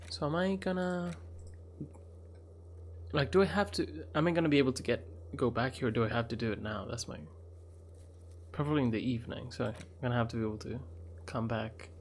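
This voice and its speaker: A man's voice: mid-range voice, a little fast, long pauses, slight background noise. A man streaming a game, chatting casually, laughing and reading game text aloud. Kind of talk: casual gameplay commentary.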